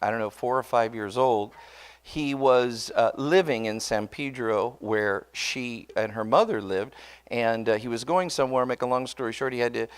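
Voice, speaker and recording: A man preaching in a plain, mid-pitched voice, walking the congregation through a personal story. His delivery is loose and conversational, with frequent restarts and asides to the people in front of him. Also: moderate pace, smooth. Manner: conversational and earnest, often restarting words; addresses the congregation directly. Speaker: pastor. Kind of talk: sermon told as a personal story.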